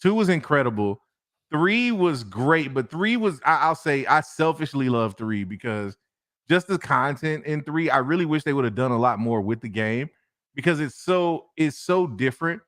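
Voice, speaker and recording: A man co-hosting a casual podcast chat, animated, laughing often and repeating himself for emphasis. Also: fairly high pitch, normal speed. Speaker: co-host.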